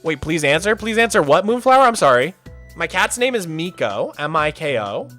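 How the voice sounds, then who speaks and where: Bright, lively young-sounding streamer man. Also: on the high side, normal speed, faint music behind. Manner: chatty, answering viewer questions and thanking donors. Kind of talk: casual livestream chat.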